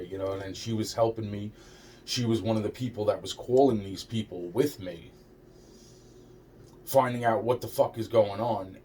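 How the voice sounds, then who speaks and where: A man's voice: fairly low pitch, darkish tone. A man talking in a rambling personal monologue, agitated and repetitive, swearing heavily and restarting his sentences. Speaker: vlogger. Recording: distant mic with faint background noise.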